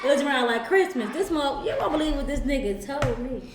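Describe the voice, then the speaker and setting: Chicago woman, high voice, animated storyteller, echoey room. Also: brisk, background noise. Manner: laughs often, loud bursts, profane. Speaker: storyteller on a livestream.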